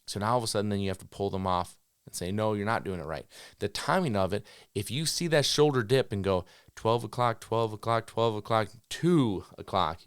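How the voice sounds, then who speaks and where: A man who trains dogs, giving an instructional talk in a direct, coaching way and acting out owners' commands and dogs' thoughts in quick voices. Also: lowish voice, clear, resonant tone, no room sound, clean studio sound. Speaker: dog trainer.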